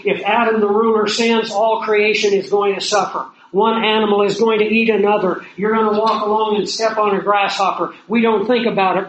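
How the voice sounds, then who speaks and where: A man's voice: high-pitched, fairly bright tone. A man preaching a sermon in a conversational way, asking his listeners rhetorical questions. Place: outdoors or lodge near hills and prairie. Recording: roomy echo, faint noise.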